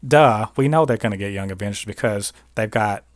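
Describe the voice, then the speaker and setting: A man hosting a casual TV review show, talking in an animated, opinionated way with many restarts and asides. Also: fairly low pitch, a little fast, dry recording, clean studio sound. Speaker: podcast host reviewing TV. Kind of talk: casual spoiler review monologue.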